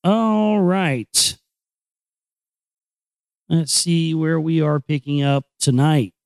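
A man's voice: a little high, drawn-out words, vocal fry, pauses often, no echo. A man hosting a show, ranting bluntly and sarcastically about the news with plenty of profanity, then reading aloud from a book. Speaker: show host.

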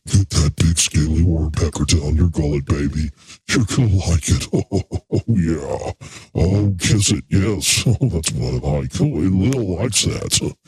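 A man's voice: animated, unhurried, a little mellow, exaggerated voice. A man voicing a lewd, gloating male Satan who laughs as he talks. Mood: leering. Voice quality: deep growling rasp. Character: lewd, leering male Satan, a demon lord.

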